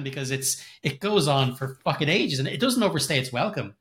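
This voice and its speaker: A man with a bright, keen voice talks about a favorite film on a podcast. He rambles, restarting his sentences as his enthusiasm runs ahead of him. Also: a little high, expressive, a little fast, hardly any pauses. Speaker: podcast co-host. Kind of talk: casual film discussion.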